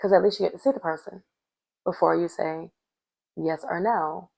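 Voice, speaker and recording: A woman's voice: lowish voice, steady tone, moderate pace, creaky, a little mellow. A woman recapping a reality show in a casual, chatty way, with sassy asides aimed straight at her viewers.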